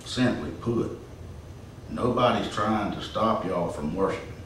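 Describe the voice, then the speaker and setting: A man, a council member answering calmly and reassuringly at a meeting. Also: low voice. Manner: calm, reassuring, deliberate. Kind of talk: measured reply at council meeting. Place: council chamber. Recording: echoey room from far off with faint noise.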